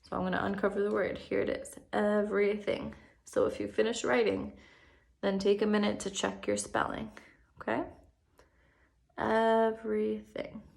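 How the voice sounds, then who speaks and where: Gravelly-voiced encouraging teacher woman. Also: medium pitch, fairly even intonation. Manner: patient, encouraging, stretches words out slowly. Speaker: first grade teacher. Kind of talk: video lesson for young children.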